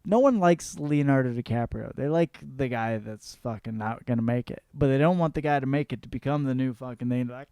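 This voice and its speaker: A man's voice: mid-range voice, brisk, few pauses, a little mellow, clear, resonant tone, dry recording. Profane rambling man, dry close sound. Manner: profane, rambling, laughing at his own jokes. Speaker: podcast host. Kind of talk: casual comedic monologue.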